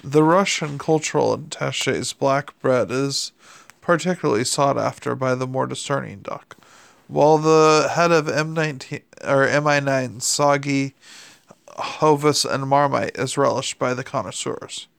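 A man reading a story aloud in dry, deadpan scripted narration. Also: mid-range voice, unhurried, gravelly, no echo. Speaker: audiobook narrator.

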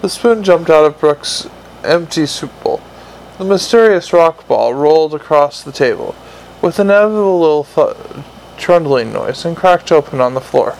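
Male audiobook narrator with a gravelly voice. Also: a little high, animated, normal speed, a little mellow, slight background noise, poor audio. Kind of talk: fiction narration.

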